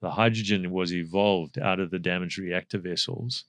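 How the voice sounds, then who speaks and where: In a podcast interview, a middle-aged energy expert with a South African accent speaks in a low voice with a steady tone. He is measured and explanatory, using frequent fillers, and there is no echo.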